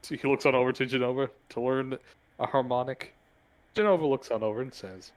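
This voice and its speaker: A man narrating as game master, in a loose, relaxed way with plenty of fillers. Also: mid-range voice, brisk.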